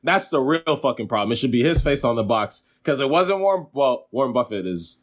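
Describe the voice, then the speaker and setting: A man's voice: medium pitch, a little fast, highs cut off. A man co-hosting a podcast in casual chat, joking and acting out quotes. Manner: animated, joking, acts out quotes. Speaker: podcast co-host.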